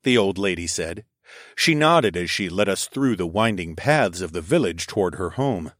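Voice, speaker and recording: A man reading a first-person story aloud, expressive and sometimes dropping to a whisper. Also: low voice, normal speed, no room sound, studio quality. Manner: expressive, shifts into whispers for dialogue. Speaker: audiobook narrator.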